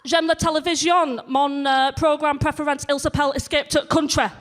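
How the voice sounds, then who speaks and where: A woman putting on a brash northern woman French teacher with a Yorkshire accent, loud and drawling. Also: high-pitched, little pitch movement, a little fast, pitched above the performer's own voice, natural voice. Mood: swaggering.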